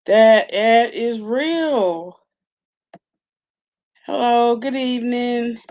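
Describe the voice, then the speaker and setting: A woman's voice: fairly high pitch, extremely slow, a little mellow, dull audio. A woman hosting a live reaction chat, talking bluntly and casually. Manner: blunt, calling someone out.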